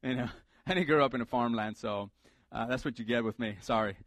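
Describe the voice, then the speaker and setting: A man's voice: mid-range voice, brisk, fairly bright tone, dry recording. A middle-aged male pastor preaching a sermon in a conversational, humorous way, repeating his key points for emphasis.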